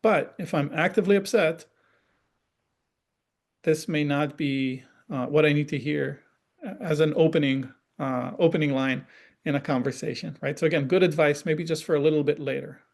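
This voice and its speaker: A man talks parents through examples in a relaxed, explanatory online session. His voice sits a little high and carries a gravelly edge. He keeps checking in with his listeners and slips into quoted dialogue to act out the examples. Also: normal speed. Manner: conversational, often checks in with "right?". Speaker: parenting educator and forum guest.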